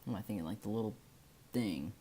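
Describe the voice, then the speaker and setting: A man's voice: on the low side, fast, mellow, a little hiss or hum. A man narrating a casual game-building tutorial, thinking aloud as he goes and often stopping to correct himself.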